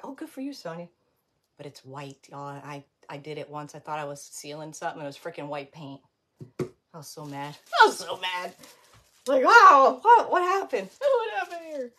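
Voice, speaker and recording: A woman hosting a casual crafting livestream, rambling and greeting viewers by name. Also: on the low side.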